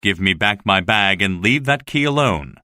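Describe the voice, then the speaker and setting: Guy reading as a creepy jealous masked villain, low and mocking, storybook vibe. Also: expressive, moderate pace, sharp tone, clear, resonant tone, no echo, clean studio sound. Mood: cold. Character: menacing masked man, jealous and cruel.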